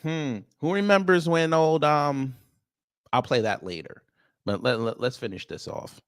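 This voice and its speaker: A man's voice: fairly high pitch, measured pace, clean tone, no room sound, studio quality. Stammering man hosting reaction commentary. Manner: stammering restarts, conversational and addressing viewers as family. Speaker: commentary show host.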